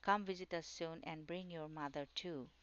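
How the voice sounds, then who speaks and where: Curious little girl frog asking eager questions , woman narrator doing her, low smooth voice. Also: steady tone, normal speed, a bit bright, muffled recording. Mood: fond. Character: curious young female frog.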